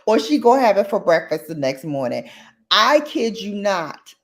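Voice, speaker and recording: A woman hosting a casual chat vlog, animated and slangy, with a dramatic, expressive delivery. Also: mid-range voice, normal speed. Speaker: host.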